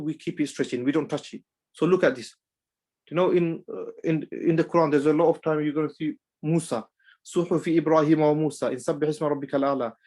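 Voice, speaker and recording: Man teaching Quran recitation rules. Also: fairly high pitch. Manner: halting, repeats himself, many restarts; drills rules through repetition. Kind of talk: online class lesson.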